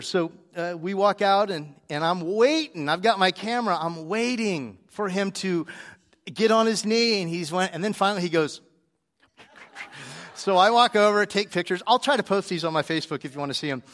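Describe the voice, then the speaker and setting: A married man preaching, telling a story with animated delivery and acted-out dialogue. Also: high-pitched, a little fast, big-room sound. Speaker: pastor. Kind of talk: sermon with personal story.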